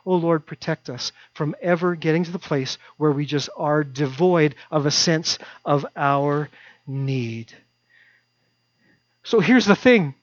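Conversational male preacher, fairly high voice. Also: steady tone, a little slow, no echo. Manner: conversational, repetitive emphasis. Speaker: pastor. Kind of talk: sermon. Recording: dull dry recording.

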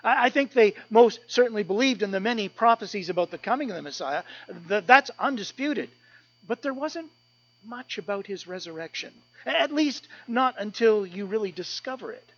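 A man preaching in a high, light voice, pressing his points with earnest emphasis and frequent repeated words. The sermon comes through a dull, muffled recording that takes the edge off the sound. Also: expressive, normal speed, dry recording. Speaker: pastor. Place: church service.

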